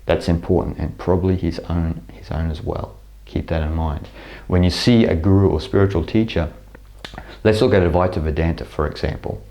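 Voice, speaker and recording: A man's voice: deep voice, steady tone, normal speed, dark tone. A man giving a reflective spoken talk on spirituality, with frequent fillers and restarts. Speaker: spiritual teacher. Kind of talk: spoken lecture to camera.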